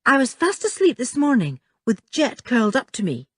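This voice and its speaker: A woman's voice: fairly high pitch, huge pitch swings, normal speed, breathy edge, no echo, clean studio sound, voice pushed up, full character voice. A woman reading an audiobook, voicing a plucky young boy with an injured ankle who tells his story earnestly.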